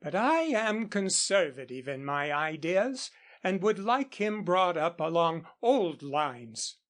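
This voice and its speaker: A man's voice: high-pitched, big pitch swings, slow, fairly bright tone, heavily acted. A man reading a grudging conservative mother.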